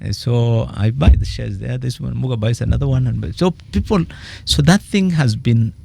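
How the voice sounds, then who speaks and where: A man with a Kenyan accent, a political economist speaking as a radio interview guest, animated and telling stories with quoted asides. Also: mid-range voice, moderate pace, creaky, no echo.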